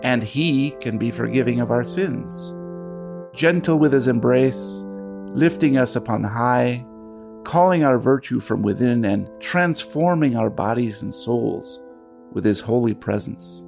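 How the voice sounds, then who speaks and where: A man voicing a woman pastor who preaches a solemn sermon in a slow, grand, chanting way. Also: mid-range voice, lively intonation, gravelly, a little mellow, faint music behind.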